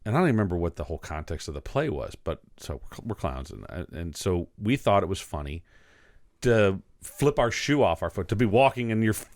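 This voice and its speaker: Low-voiced, animated male podcast host. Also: a little fast, no room sound. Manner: animated, profane, mimics voices in stories. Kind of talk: casual storytelling chat.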